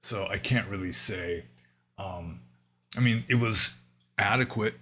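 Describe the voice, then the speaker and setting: Low-pitched, bright-voiced man musing aloud. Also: a little slow, slight background noise. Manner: musing, thinking aloud with fillers and trailing asides. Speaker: Buddhist monk answering viewer questions. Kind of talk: livestream Q&A, casual explanation. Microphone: livestream microphone.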